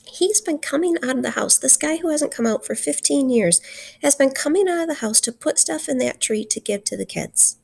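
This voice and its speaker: Earnest gravelly-voiced woman teacher. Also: sits high, lively intonation, a little mellow. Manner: earnest, slows down for emphasis. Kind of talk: recorded literature lesson.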